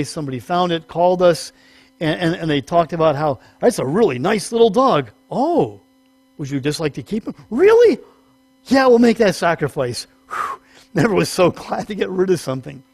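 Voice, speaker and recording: A male pastor teaching a sermon in a chatty, storytelling way, with humorous asides and quick acted-out voices in his anecdotes. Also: sits high, dry recording. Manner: animated, acts out small voices in stories.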